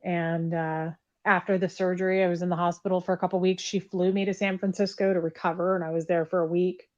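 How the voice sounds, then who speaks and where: A woman's voice: lowish voice, flat delivery, fast talker, a little mellow. A woman on a recorded phone call, speaking candidly and bluntly and swearing freely as she talks about her past. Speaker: caller, former member recounting her past.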